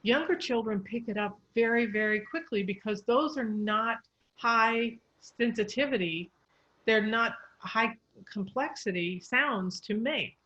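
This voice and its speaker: A woman's voice: fairly high pitch, a little slow, fairly bright tone, dull audio. A woman speech coach explaining English pronunciation in an encouraging, patient way. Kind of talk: coaching session.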